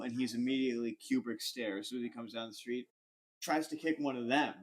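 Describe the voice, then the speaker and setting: A young man hosting a podcast, telling a rambling, animated anecdote full of fillers and swearing. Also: medium pitch, normal speed, a little hiss or hum. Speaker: podcast host. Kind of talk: casual storytelling.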